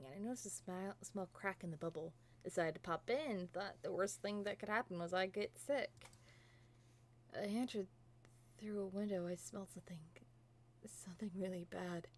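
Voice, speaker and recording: A woman voicing a tough tomboy filly who recounts a scary night in a hushed, tense voice. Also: medium pitch, brisk, slight background noise, natural voice. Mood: hushed dread.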